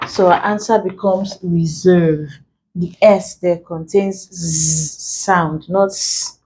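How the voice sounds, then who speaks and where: A woman tutoring exam pronunciation, speaking deliberately and repeating each example word to drill the sounds. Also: fairly low pitch, steady tone, a little mellow, a little hiss or hum, rough recording. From Nigeria. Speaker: English tutor. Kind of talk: exam-prep pronunciation lesson.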